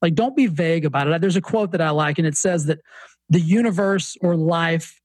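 A man's voice: fairly high pitch, brisk, no room sound. A man with a Southern accent, a fitness coach and author, telling stories animatedly as a podcast guest. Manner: animated storyteller, many restarts. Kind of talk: casual podcast interview.

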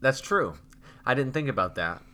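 A man's voice: mid-range voice, big pitch swings, normal speed, bright, forceful tone. A young man co-hosting a podcast, rambling in casual chat with lots of fillers. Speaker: podcast co-host.

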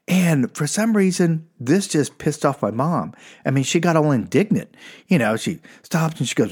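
Animated man telling stand-up stories. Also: normal speed. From Texas. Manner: animated, jumps into high mocking voices, laughs mid-line. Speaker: stand-up comedian. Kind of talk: stand-up storytelling.

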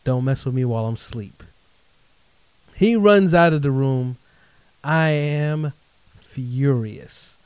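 A middle-aged man telling a true story in a lively monologue, speaking directly to his listeners. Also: mid-range voice, slow pace, pauses often, clean tone, no echo. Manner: animated, addresses audience directly as folks.

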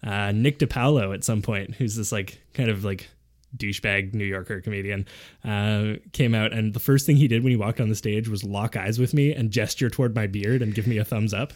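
A man's voice: fairly low pitch, fairly quick. Young man telling a story, laughing. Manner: animated retelling with laughter. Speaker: podcast host. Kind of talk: casual storytelling.

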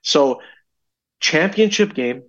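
A man's voice: a little high, slow, highs cut off. A young man, a podcast guest, telling a story in casual chat and acting out the dialogue as he goes. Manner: animated, acts out dialogue in his stories.

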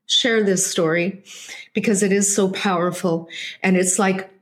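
A middle-aged woman telling a personal story in an emotional, halting way, with many restarts and moments close to tears. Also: mid-range voice, fairly even intonation. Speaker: guest.

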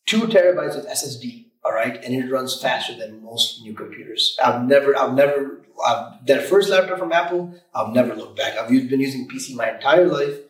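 A man who owns an auto repair shop, talking in an energetic, emphatic way on a podcast and often repeating words. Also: medium pitch, brisk, hardly any pauses, roomy sound, distant mic, low-quality recording. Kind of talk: casual podcast chat. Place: room, recording a podcast.

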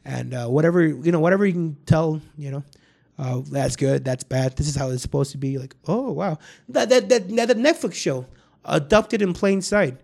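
A man hosting a casual podcast, his voice gravelly with frequent vocal fry. He sits fairly high for a man and rambles through a story. He swears freely and keeps restarting his sentences. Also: moderate pace, a little mellow. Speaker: podcast host. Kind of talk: casual chat.

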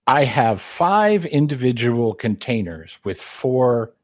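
A man's voice: mid-range voice, big pitch swings, slow, no echo. A married man co-hosting a podcast in casual chat, joking wryly at his own expense. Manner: wry, self-mocking joker. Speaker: podcast co-host.

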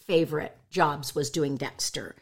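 A woman's voice: low-pitched, a little slow, husky. A woman who is a voice actress and stand-up comedian, talking candidly and emphatically in an interview. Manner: animated, emphatic, outspoken.

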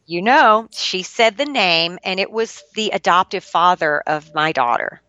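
A middle-aged woman guest with a bright, forceful voice speaks candidly about her life, earnest and confessional. Her voice sits close to the microphone in a dry, dead room. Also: on the low side, animated, measured pace, no echo, dull audio. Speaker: podcast guest. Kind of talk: candid personal storytelling.

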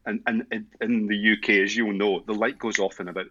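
A man's voice: on the low side, fairly even intonation, fairly quick, sharp tone, dull audio, a little hiss or hum. A Scottish man chatting enthusiastically as a podcast guest, often restarting and repeating words. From Scotland. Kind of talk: casual interview chat.

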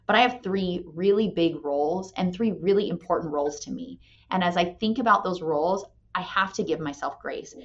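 A woman in her thirties, a company president and mother, telling a candid story and tagging her points with a quick "right?". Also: fairly low pitch. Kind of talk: motivational talk. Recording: dull lo-fi sound.

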